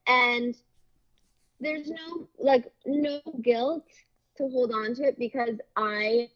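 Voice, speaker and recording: A woman's voice: fairly high pitch, steady tone, slow, highs cut off. A woman in casual chat, a reality show contestant who reassures her partner in an upbeat way. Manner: reassuring, upbeat, laughs easily.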